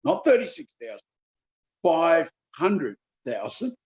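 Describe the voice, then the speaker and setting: A man in his seventies with a Queensland Australian accent, answering interview questions in a folksy, emphatic way and repeating figures slowly for effect. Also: fairly high pitch, huge pitch swings, darkish tone, muffled recording. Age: 70s. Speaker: politician guest.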